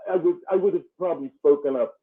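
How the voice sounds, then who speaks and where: Halting male caller on a phone line. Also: on the high side. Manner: halting, hesitant, explains carefully. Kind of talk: call-in phone talk.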